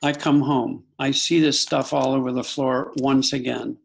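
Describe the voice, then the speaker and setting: Gravelly, husky older man telling a story. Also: medium pitch, unhurried, low-quality recording. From United States. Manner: calm, earnest, with self-corrections and quoted asides. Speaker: guest psychologist. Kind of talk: reflective storytelling in an interview.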